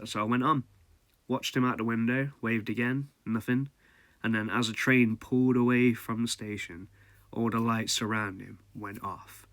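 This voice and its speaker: A man's voice: on the low side, a bit bright, no echo. A man, casually telling a personal ghost story as a podcast host, chatty and often laughing.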